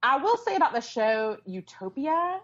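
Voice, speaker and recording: A woman co-hosting a casual pop-culture podcast, talking in a sarcastic, animated way. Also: high-pitched, moderate pace. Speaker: podcast co-host. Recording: dull lo-fi sound.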